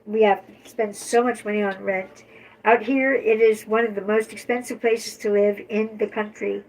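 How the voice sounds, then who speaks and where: A woman co-hosting a livestream in casual chat, reading viewer comments aloud and answering with quick opinions. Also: mid-range voice, steady tone. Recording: distant from the mic.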